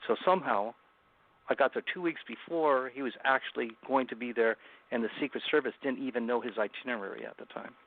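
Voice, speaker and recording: Gravelly man telling a tense story over a tinny line. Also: medium pitch, fast talker. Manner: intense, dramatic first-person retelling with acted-out quotes. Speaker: guest author. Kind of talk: recounting a personal story in an interview.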